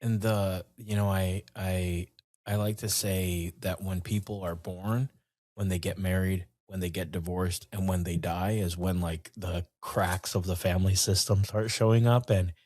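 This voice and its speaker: A man hosts a podcast in a very low, slightly husky voice. He talks earnestly and often murmurs his agreement. The sound is dry and close. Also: fairly even intonation, a little slow, darkish tone, no echo. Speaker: podcast host. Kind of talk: podcast conversation.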